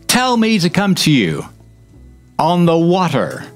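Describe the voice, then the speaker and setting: Peter the fisherman disciple, bold and eager, calling out over the waves, as a preacher acts him out. The voice jumps well above the preacher's usual pitch and swings widely, half daring and half pleading. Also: huge pitch swings, slow pace, soft background music, full character voice. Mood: challenging. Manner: pleading, challenging.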